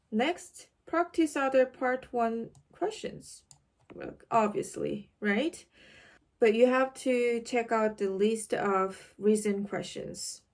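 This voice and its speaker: A woman tutor teaching exam tips to camera in a clear, instructive way, checking in with her listeners often. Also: fairly high pitch. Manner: slow, clear, instructive, with tag questions. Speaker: IELTS tutor.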